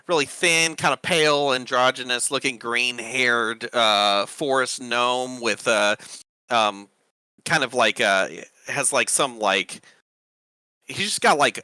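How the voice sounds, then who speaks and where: Bright-voiced man as game master. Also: mid-range voice, smooth, dry recording. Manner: rambling, many fillers. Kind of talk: narrating a tabletop game.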